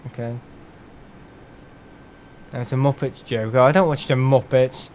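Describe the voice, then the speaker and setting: A man's voice: medium pitch, steady tone, moderate pace, long pauses, a little mellow. A man talks through a live game stream in a loose, rambling way. He is blunt and jokey and swears freely, in a mid-range voice.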